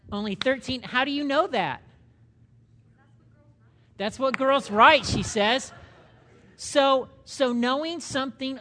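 A man's voice: high voice, a bit bright. A middle-aged man leading a church Bible study, talking conversationally and asking the group questions as he teaches. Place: church meeting room.

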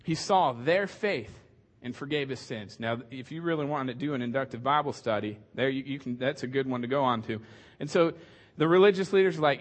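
A man's voice: mid-range voice, fairly quick. A man preaching a casual sermon as pastor, conversational and joking, with many fillers and restarts.

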